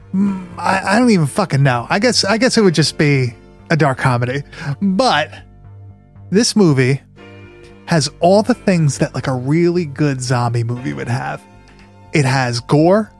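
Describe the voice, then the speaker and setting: A man hosting a casual podcast chat, rambling and swearing freely. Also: fairly high pitch. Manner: profane, rambling. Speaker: podcast host.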